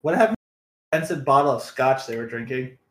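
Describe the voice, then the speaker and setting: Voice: mid-range voice, sing-song, a little fast. A podcast co-host riffing on a movie in casual chat with crude, sarcastic jokes.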